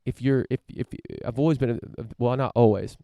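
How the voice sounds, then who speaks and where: A man's voice: medium pitch, fairly quick, vocal fry, warm tone, no echo. A podcast host from the United States, a man riffing through a casual opinion monologue, rambling with lots of fillers, restarts and casual swearing.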